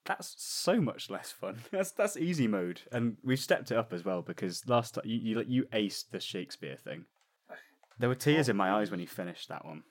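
A man's voice: lowish voice, big pitch swings, moderate pace. A man hosting a comedy podcast segment, teasing his co-host and giggling often. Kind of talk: casual comedy chat.

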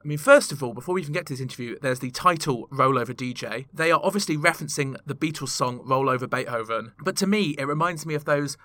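A man's voice: mid-range voice, fast, hardly any pauses, sharp tone, dry recording. A man hosting a casual music podcast, talking through chart trivia with wry asides. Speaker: podcast host.

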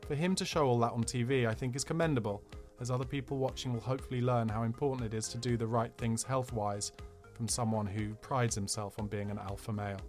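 A man's voice: mid-range voice, fairly even intonation, fast, darkish tone, soft background music. A man reading a memoir aloud on a podcast, in a dry, cheeky storytelling way. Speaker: podcast narrator.

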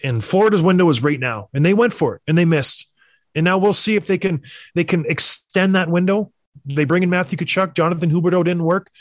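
A young adult man hosting a sports talk show, emphatic and animated, with mocking asides. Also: sits high, brisk, no room sound, clean studio sound. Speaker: sports podcast host. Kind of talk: opinionated hockey talk.

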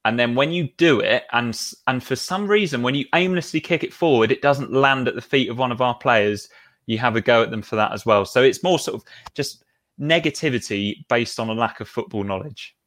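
Animated man ranting about football. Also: mid-range voice, a little fast. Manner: animated, opinionated, restarts often. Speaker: podcast co-host. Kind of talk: casual football podcast chat.

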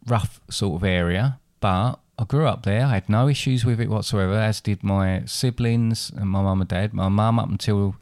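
A man's voice: on the low side, moderate pace, few pauses, darkish tone, no echo, clean studio sound. A middle-aged man with an Essex accent, co-hosting a podcast and telling stories in a rambling, self-interrupting way. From England. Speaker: podcast co-host. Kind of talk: casual chat.

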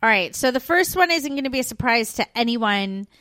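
A woman co-hosting a travel podcast in relaxed, casual chat, laughing easily. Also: fairly high pitch, brisk, dry recording, studio quality. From Canada. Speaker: podcast co-host.

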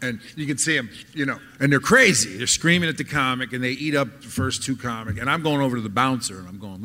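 A man's voice: mid-range voice, fast, hardly any pauses. A man telling a profane comedy story on stage, acting out the people in it. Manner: animated, profane, acts out voices. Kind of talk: live podcast storytelling. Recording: live room with long reverb and background noise.

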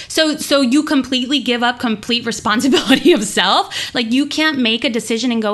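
A woman yoga teacher talking with passion and emphasis in a podcast interview, often jumping up in pitch. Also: fairly quick, few pauses. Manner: passionate, emphatic, swings high and animated.

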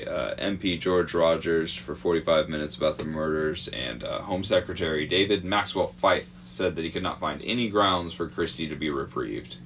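Deep-voiced hesitant male podcaster. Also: fairly bright tone, slight background noise. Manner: rambling, hesitant with many fillers, swears freely. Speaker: podcast co-host presenting a true crime report. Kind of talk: casual podcast chat.

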